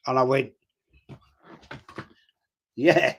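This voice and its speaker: A man's voice: medium pitch, fairly even intonation, measured pace, gravelly, long pauses, breathy edge. A man speaking as a guest on a live fan chat, telling a short story in a laid-back way.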